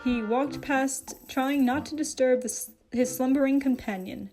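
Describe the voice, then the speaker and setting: A woman's voice: sits high, moderate pace, few pauses, darkish tone, soft background music. A woman reading a story aloud, dropping in her own reactions and asides. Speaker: reader of fan fiction. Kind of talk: dramatic reading with character voices.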